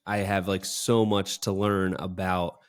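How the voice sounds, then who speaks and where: A young man with a somewhat low voice chats casually on a podcast. He tells a long story in a rambling way, full of fillers and restarts. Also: little pitch movement, measured pace. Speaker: podcast co-host. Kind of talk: casual chat.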